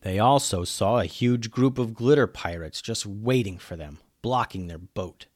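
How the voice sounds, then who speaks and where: A man reading a children's adventure story aloud, lively, dropping low and quiet on the narration tags. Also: measured pace, no room sound, clean studio sound.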